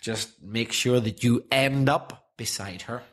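A man's voice: mid-range voice, fairly bright tone. Playful, joking male podcast co-host. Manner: joking, playful, quick with example sentences. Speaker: podcast co-host, English teacher. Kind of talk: casual teaching podcast chat.

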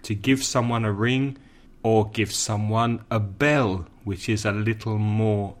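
Slow, deliberate male English teacher. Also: on the low side, steady tone. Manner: slow, deliberate, repeats phrases for learners; adds brief Spanish glosses. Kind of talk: language lesson.

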